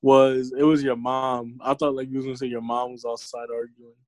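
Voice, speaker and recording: A young man trades jokes in loose, slangy podcast talk. His voice sits at an ordinary pitch. The miking is close and dry. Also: little pitch movement, fairly quick, darkish tone, dry recording. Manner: joking, slangy banter. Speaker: podcast co-host. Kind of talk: casual chat.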